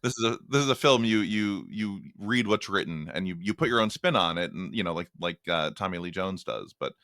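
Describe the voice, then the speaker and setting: Low-voiced man, thoughtful guest. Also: lively intonation, fairly bright tone, no echo, clean studio sound. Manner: thoughtful, halting, many restarts. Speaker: podcast guest, writer and critic. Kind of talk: casual film discussion.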